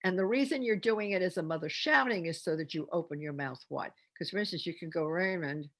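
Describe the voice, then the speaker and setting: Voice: medium pitch, quick pace, a bit bright. A reading teacher giving an instructional talk on phonics, explaining step by step with chatty asides.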